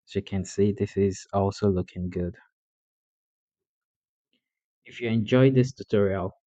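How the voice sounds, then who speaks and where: A low, mellow-voiced man talks through a coding tutorial, steady and plain, often pausing on "uh". The recording is dry and a little dull, like a lo-fi voice-over mic. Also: no echo. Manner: plain, steady explaining with frequent "uh" fillers.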